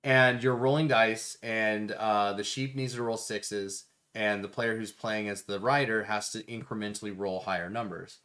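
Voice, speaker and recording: A man co-hosting a casual board game stream, excitable and rambling, laughing often. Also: fairly low pitch, normal speed, few pauses. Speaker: podcast co-host. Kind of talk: casual chat about board games.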